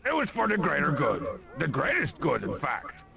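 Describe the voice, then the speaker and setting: An actor playing a cocky, scheming cartoon man in a video game, with a gravelly, sarcastic delivery. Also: fairly high pitch, wildly swooping pitch, normal speed, over music, heavily acted.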